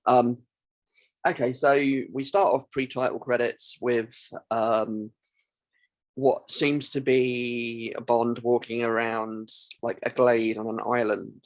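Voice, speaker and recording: A man's voice: mid-range voice, level tone, measured pace. A man co-hosting a casual film podcast, chatty and explaining at length. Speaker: podcast co-host.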